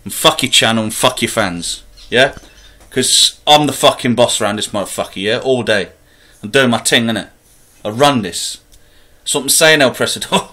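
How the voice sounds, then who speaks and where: Bright-voiced swaggering trash-talker. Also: male voice, mid-range voice. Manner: boastful, swaggering, swears constantly, bursts into shouting. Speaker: gaming YouTuber. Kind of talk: trash-talking troll rant to camera.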